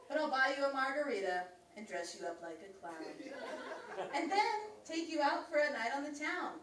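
A woman's voice: sits high, roomy sound, recorded from a distance, background noise. A woman performing a crude, teasing rhymed roast poem at a comedy club, often laughing between lines.

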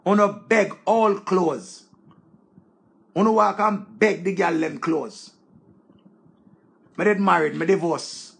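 In a slow, creaky, high-sitting voice broken by long pauses, an online commentator with a Jamaican accent rants casually at viewers. He scolds heatedly and swears freely.

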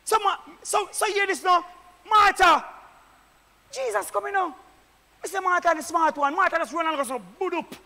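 A man with a Jamaican accent, a deacon preaching fervently at a church meeting, often shouting. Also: very high voice, a little fast. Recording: echoey church hall.

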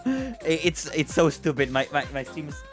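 Excitable rambling male streamer. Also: on the high side, measured pace, faint music behind. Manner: excitable, rambling, stammers and swears. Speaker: livestreamer. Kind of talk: casual livestream chatter.

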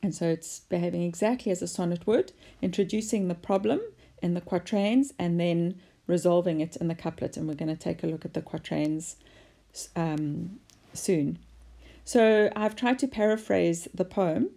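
Female teacher, low mellow voice, measured lesson delivery with fillers. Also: gravelly. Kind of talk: poetry lesson with recitation.

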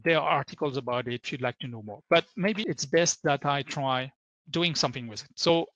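A man's voice: mid-range voice, a little fast, fairly bright tone, dry recording, muffled recording. A man with a French accent giving an upbeat conference tech talk as a workshop presenter, often saying "super" and "so".

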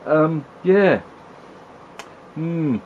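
Speaking very slowly in a fairly high voice, a retro gaming video host teases the characters of an old video game in his wry, chatty commentary. The sound is phone-quality with slight background noise.

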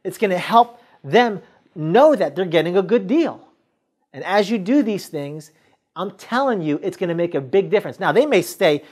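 A man's voice: on the high side, expressive, moderate pace. A man giving a motivational sales training talk, coaching the listener directly and acting out sales scenes with quoted dialogue.

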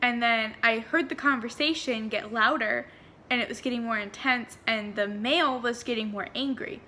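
High, bright young woman rambling a storytime. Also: normal speed, a little hiss or hum. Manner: rambling, chatty, heavy on fillers. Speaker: vlogger. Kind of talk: paranormal storytime.

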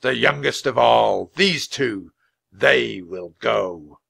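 A mysterious knight from a storybook, booming and stern with slow, heavy words, as a man acts him out. The voice is bright and gravelly. It sounds dry and close. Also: no room sound, full character voice.

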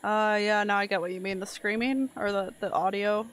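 A woman streamer giving live gameplay commentary, excitable, yelping and talking to herself as she plays. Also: mid-range voice, moderate pace. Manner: excitable, yelps and talks to herself while playing. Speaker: game streamer. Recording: steady background noise.

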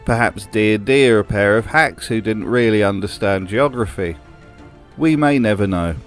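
A man's voice: on the low side, normal speed, faint music behind. A man hosting a comedic video essay, narrating in a dry, sarcastic way. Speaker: host.

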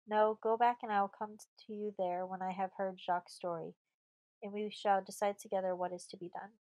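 A woman's voice: mid-range voice, level tone, normal speed, darkish tone, close to an everyday voice. A woman reading an audiobook voices a brave fourteen-year-old girl who gives orders in a commanding way.

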